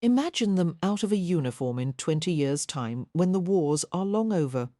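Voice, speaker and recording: A woman reading an audiobook, voicing a young gentleman who teases his sister in a wry, unsympathetic way. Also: on the low side, lively intonation, normal speed, no echo, clean studio sound, close to an everyday voice. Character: dry, teasing young gentleman, her twin brother.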